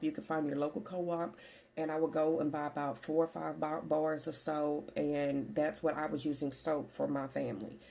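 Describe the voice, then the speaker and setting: A woman's voice: low-pitched, creaky, dark tone. A woman in her forties talking candidly in a chatty personal vlog, repeating herself as she goes. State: slightly out of breath. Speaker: vlogger.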